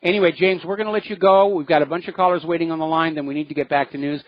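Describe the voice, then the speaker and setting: A man hosting a call-in radio talk show, opinionated and often pausing on "uh" fillers. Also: fairly high pitch, steady tone, no room sound, muffled recording. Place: Hawaii studio.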